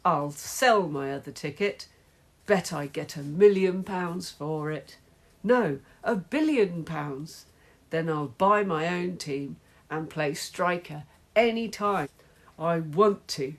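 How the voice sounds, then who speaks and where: A woman reading a storybook aloud, voicing a cheeky, scheming schoolboy who hates to lose, shrill and whiny. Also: slow.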